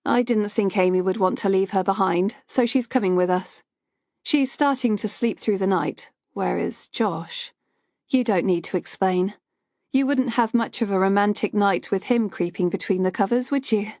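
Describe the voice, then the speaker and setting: An easygoing man asking a favour, chatty and friendly, as a female narrator voices him. The voice stays close to her own, only a little lower, in a dry booth sound. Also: moderate pace, darkish tone, dry recording, natural voice. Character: man, sister's husband, casual and friendly.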